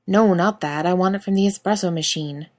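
A woman voicing a rude, demanding middle-aged male customer who snaps gruffly. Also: lowish voice, brisk, darkish tone, lightly acted. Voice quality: gruff, snapping.

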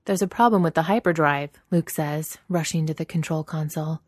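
A woman's voice: low-pitched, a little fast, a little mellow, no echo, clean studio sound. Woman doing an earnest young hero. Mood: urgent.

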